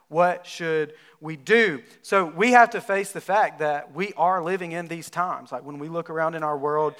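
With a smooth, slightly high voice, this man, a pastor from North Alabama, delivers his sermon like a laid-back conversation full of storytelling.

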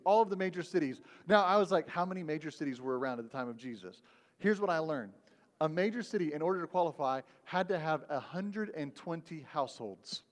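Pastor guy preaching, kinda high voice, chatty, lots of "right?", big echoey church. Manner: conversational, asks "right?" often. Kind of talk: sermon. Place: church sanctuary.

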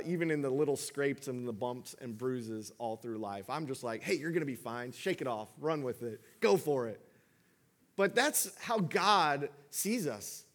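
A man's voice: on the high side, fairly bright tone. A man in his thirties, a father, preaching a sermon in a conversational storytelling way with frequent restarts. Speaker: pastor.

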